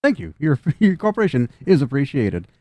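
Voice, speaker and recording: A man voicing a smelly junk robot that speaks in a stiff, slow, overly formal way. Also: medium pitch, wildly swooping pitch, a little mellow, no echo, voice pushed up. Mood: polite. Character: stinky, overly polite male junk robot.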